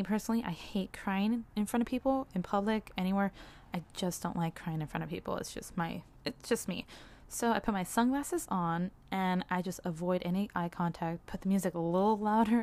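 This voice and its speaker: A young woman with a lowish voice vlogs to camera about personal matters, speaking openly and wandering a bit, with soft laughs and plenty of "like"s between thoughts.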